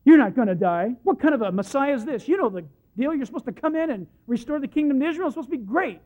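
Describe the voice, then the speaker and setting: A preacher playing a bossy scolding apostle. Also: male voice, extremely high pitch, animated, fast, pitched above the performer's own voice. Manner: loud, urgent scolding. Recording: muffled lo-fi recording.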